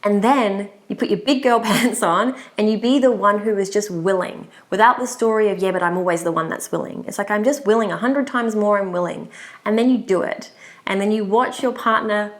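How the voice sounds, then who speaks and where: A woman's voice: medium pitch, moderate pace. A young adult woman co-hosting a relationship podcast, talking openly and from the heart, often laughing. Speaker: podcast co-host, relationship coach. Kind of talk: casual podcast conversation.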